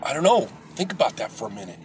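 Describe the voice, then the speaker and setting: A middle-aged man hosting a live video, talking bluntly and preachily to viewers with some swearing, swinging from loud outbursts to soft, earnest stretches. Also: medium pitch, sing-song, fast, slight background noise. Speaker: livestream host.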